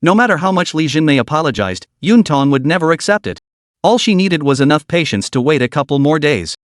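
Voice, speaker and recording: Lively, fairly high male narrator. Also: fairly quick, no echo, studio quality. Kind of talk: scripted story recap narration.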